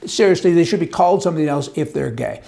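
A man's voice: fairly high pitch, quick pace, gravelly, warm tone. An older man, a commentary host, talking in a rambling, folksy monologue with chuckling asides.

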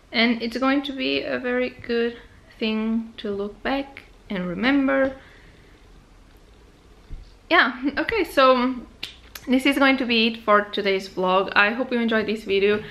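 A woman's voice: on the high side, a bit bright. Bubbly young woman vlogging. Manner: bubbly, gushing over souvenirs. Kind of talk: casual travel vlog chat.

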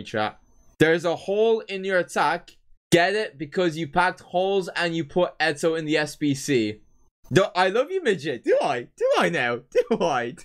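A young man streaming a football game live, talking to his chat with theatrical, repetitive despair and swearing. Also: a little high. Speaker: gaming streamer.

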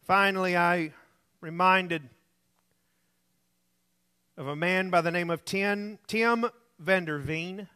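A male pastor delivering a sermon in a high, bright voice. He speaks slowly and deliberately. He tells stories and often sinks to a hush to make a point. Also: clean tone. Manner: storytelling, dropping to soft tones for emphasis. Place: church.

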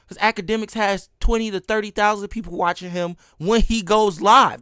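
A man's voice: high-pitched, moderate pace, sharp tone, clear, resonant tone, no room sound, clean studio sound. A young man giving an angry, profane reaction rant as a commentary YouTuber, breaking into laughter between lines.

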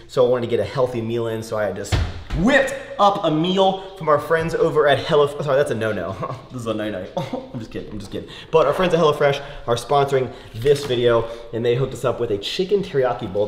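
Young male vlogger, mid-pitch, loose and rambling, casual. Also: roomy sound, slight background noise. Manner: rambling, chatty, lots of fillers. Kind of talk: casual vlog talk with sponsor read.

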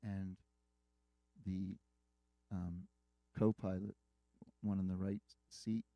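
A man's voice: deep voice, flat delivery, slow pace, dry recording, highs cut off. A man preaching a sermon, earnestly retelling a dramatic story with quoted dialogue.

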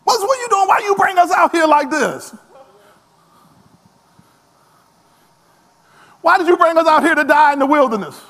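A man voicing a panicked, complaining crowd of Israelites in a sermon, shrill and accusing. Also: lively intonation, quick pace, fairly bright tone, long reverb tail, full character voice.

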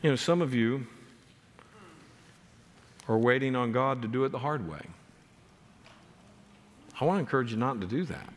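A man's voice: mid-range voice, lively intonation, normal speed, long pauses. A man pastor preaching a sermon in a church, reading scripture aloud with earnest emphasis. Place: church sanctuary. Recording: long reverb of a church hall.

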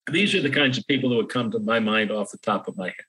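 Husky older man chatting about his book. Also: mid-range voice, pushed and bright, rough recording. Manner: chatty, self-deprecating, with filler pauses. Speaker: author guest. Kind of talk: casual interview chat.

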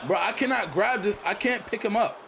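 A young man playing a video game and commentating excitedly, repeating himself and shouting at the screen. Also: high-pitched, brisk, creaky. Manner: loud, repetitive, often shouting at the game. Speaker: gaming YouTuber. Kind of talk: excited let's-play commentary. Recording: noisy game audio behind.

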